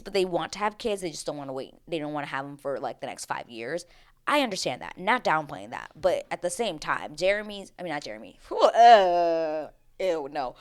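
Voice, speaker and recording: A woman's voice: low-pitched, a bit bright. A woman vlogger giving a casual, opinionated recap of a reality show, chatty and emphatic, with slang and tangents.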